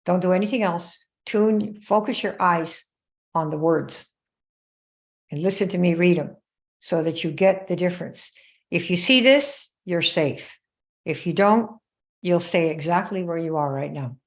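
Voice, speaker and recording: A woman's voice: lowish voice, measured pace. A woman hosting a live stream, telling a story in a conversational way, checking in with viewers by name and acting out quoted dialogue in her own voice. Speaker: live show host.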